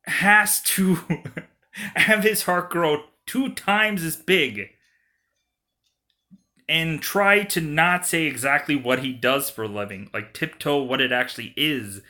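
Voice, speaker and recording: A man's voice: a little high, slow, bright, forceful tone. A young man giving casual gaming commentary, rambling and giggling, full of filler words. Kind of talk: casual let's-play commentary.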